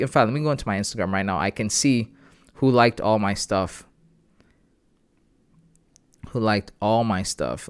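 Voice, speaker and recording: An excited young man hosts a casual livestream and chats straight to his viewers. He greets people by name and talks about his day in a loose, chatty way. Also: mid-range voice. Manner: excited, reads out chat messages and greets viewers. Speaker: trading livestream host.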